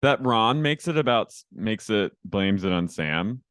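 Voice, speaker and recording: A man's voice: on the low side, lively intonation, unhurried, a bit bright, clean tone, no room sound, studio quality. A man co-hosting a podcast in casual chat, talking loosely with lots of fillers. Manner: chatty, hedging with many fillers. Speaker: podcast co-host.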